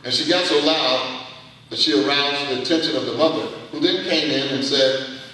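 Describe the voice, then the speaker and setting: Male orator, bright forceful voice, preacherly build and repetition; distant echoey banquet-hall recording. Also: medium pitch, moderate pace. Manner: preacherly, building to emphatic rising peaks with repetition. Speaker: political speaker. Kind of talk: rousing political speech.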